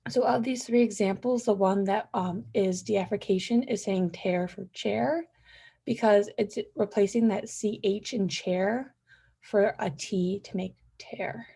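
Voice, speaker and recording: A woman's voice: medium pitch, a little slow, vocal fry, dark tone, husky. A young woman giving a class presentation, hesitant, with frequent ums and likes. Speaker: student presenter.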